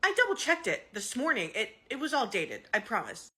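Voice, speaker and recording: A woman's voice: on the high side, huge pitch swings, brisk, bright, forceful tone, slightly rough, full character voice. A woman playing a nervous young female trainee manager in a comedy skit, hesitant and stammering. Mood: anxious.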